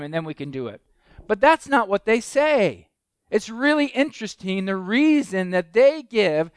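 Male pastor, high smooth voice, dry close sound, conversational sermon with rising emphasis. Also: no echo. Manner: conversational preaching, rhetorical questions, rising emphasis.

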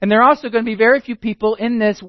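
A man's voice: high voice, steady tone, racing, no echo, highs cut off. A man preaching a teaching sermon, emphatic and repeating key phrases for his listeners. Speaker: pastor.

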